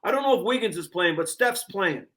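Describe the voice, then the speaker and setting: An older man co-hosting a casual sports talk show, telling animated stories and acting out what people said. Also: sits high, a little fast. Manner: animated storyteller, acting out quotes. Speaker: co-host.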